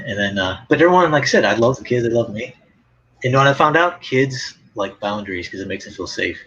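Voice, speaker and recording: A man's voice: medium pitch, lively intonation, fast talker, fairly bright tone. A man in a casual chat who rambles through stories, laughs often and acts out the people in them. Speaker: former art teacher. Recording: dull lo-fi sound with faint background noise.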